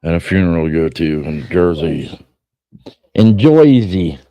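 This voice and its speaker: A man's voice: very deep voice, steady tone, normal speed, no room sound, lo-fi sound. A man from Ohio with an Ohio accent, hosting a podcast in casual, joking chat that rambles and stammers. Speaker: podcast host.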